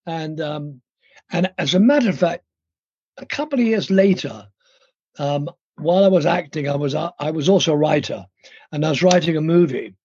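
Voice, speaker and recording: A man's voice: on the high side, normal speed, a little mellow, slightly rough, no echo, lo-fi sound. An older man from India, a guest actor telling stories in a rambling, hesitant way with many ums and restarts, heard over a remote line. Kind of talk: casual interview storytelling. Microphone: remote call line.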